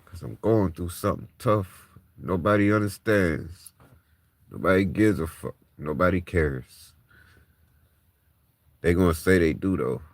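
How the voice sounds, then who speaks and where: A man's voice: sits low, unhurried, creaky, long pauses, no echo. A man in his thirties venting raw frustration and distress to the camera, emotionally worn and on the edge of tears, swearing as he talks. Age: 30s. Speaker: vlogger.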